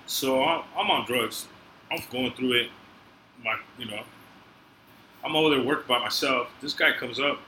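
A man's voice: mid-range voice, moderate pace, pauses often, pushed and bright. A man, a podcast guest, telling his story in casual, emotional street slang. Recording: echoey room, faint noise.

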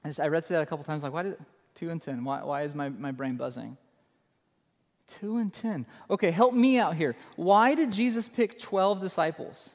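A man's voice: fairly high pitch, moderate pace, a little mellow, big-room sound. A man preaching a sermon as pastor, emphatic and conversational, repeating his key phrases for effect.

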